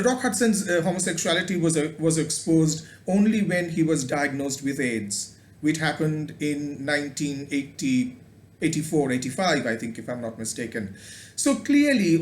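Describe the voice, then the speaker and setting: A man with a fairly high voice gives a thoughtful video lecture, pausing on ums and repeating words as he works out his thoughts. The room adds a noticeable echo around him. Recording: roomy echo.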